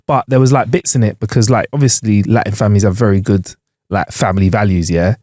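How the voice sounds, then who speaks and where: A man's voice: lowish voice, steady tone, quick pace, a little mellow, dry recording, studio quality. A young man co-hosting a podcast, chatting in a laid-back, slangy way. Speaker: podcast co-host. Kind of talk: casual chat.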